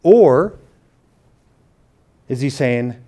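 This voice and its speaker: Animated and medium in pitch, a man preaches a sermon by first reading scripture quietly and slowly. His explanation follows in his own words, full of restarts and loosely paraphrased quotes.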